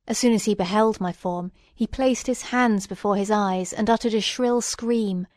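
Woman audiobook reader, measured and solemn, very dry close sound. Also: mid-range voice, a little mellow, no room sound. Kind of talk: literary reading aloud.

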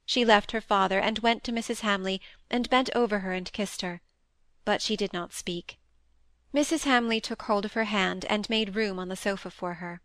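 A woman narrating a classic novel aloud in a measured, even way. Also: mid-range voice, no room sound, studio quality. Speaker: audiobook narrator.

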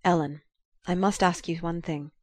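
A woman's voice: lowish voice, fairly even intonation, moderate pace, a little mellow, no room sound, close to an everyday voice. A woman reading the lines of an earnest, passionate young man in an audiobook, in an urgent, pleading way. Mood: tense.

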